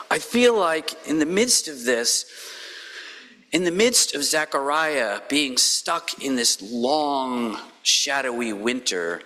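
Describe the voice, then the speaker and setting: A man's voice: a little high, pushed and bright, big-room sound. A male pastor preaching a conversational sermon in a church, telling the story with playful quoted voices. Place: church sanctuary.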